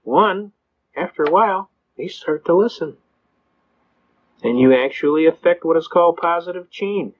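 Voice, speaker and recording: A man lecturing in a rapid, folksy storyteller's way, his voice a touch high for a man. The recording is dull and lo-fi, as if muffled. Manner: fast-talking. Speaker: speaker giving legal advice. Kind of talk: anecdotal lecture.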